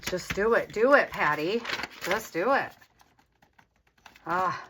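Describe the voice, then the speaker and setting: A woman with a lowish, animated voice speaks slowly over a noisy background. She hosts a casual crafting vlog, chatting candidly and even talking to her supplies as she works, with a self-deprecating streak.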